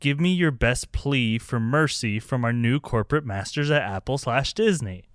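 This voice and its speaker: A man hosting a comedy panel game, posing prompts and often breaking into chuckles. His voice is smooth and clear, with a dry, close sound. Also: medium pitch, expressive, moderate pace, no room sound. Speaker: host.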